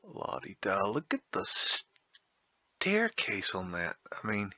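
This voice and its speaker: A man's voice: fairly low pitch, wildly swooping pitch, slow, pushed and bright, no echo, dull audio. A man hosting a casual photo tour, rambling, blunt and profane, with a folksy drawl. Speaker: video host.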